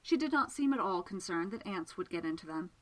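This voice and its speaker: Casting note: woman narrator for a romance audiobook, measured and smooth, with an animated pitch. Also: low-quality recording. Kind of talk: audiobook story reading.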